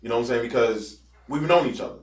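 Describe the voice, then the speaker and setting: A man's voice: medium pitch, animated, quick pace. A man co-hosting a podcast, telling a workplace story in casual chat, swearing and acting out what people said. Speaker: podcast host. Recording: roomy sound from a distant mic.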